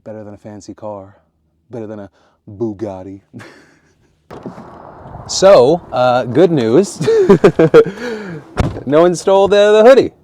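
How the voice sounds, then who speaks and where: Sitting in a parked car, a male vlogger in his forties chats casually and candidly with his audience, rambling, poking fun at himself, laughing a lot and swearing freely. His lowish voice is a little mellow, with a slight hiss or hum in the recording.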